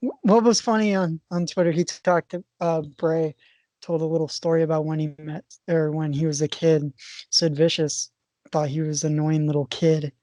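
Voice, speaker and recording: A chatty woman co-hosts a casual podcast, laughing often. Her voice is low and mellow. It sounds close and dry, with no room echo. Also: level tone, moderate pace. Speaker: podcast co-host. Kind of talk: casual wrestling chat.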